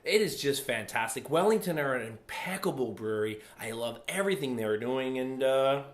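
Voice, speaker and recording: A man tasting a stout on camera, gushing and repeating himself with excitement. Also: mid-range voice, normal speed, roomy sound. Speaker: beer reviewer. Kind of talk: enthusiastic solo tasting.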